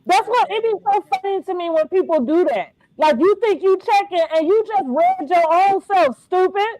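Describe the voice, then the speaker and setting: Middle-aged woman gossiping on her podcast, real high voice, laughs a lot, dry mic. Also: normal speed, no echo, rough recording. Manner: animated, slangy, laughs often. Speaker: podcast host. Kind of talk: casual reality-TV recap chat.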